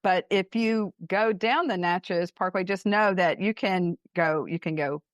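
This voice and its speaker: A woman who writes about travel, a guest on a radio show, telling bike-trip stories in a lively, casual way, laughing and speeding up as she goes. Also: on the low side, unhurried, no echo, lo-fi sound. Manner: animated storyteller, laughs and speeds up. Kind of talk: casual interview storytelling.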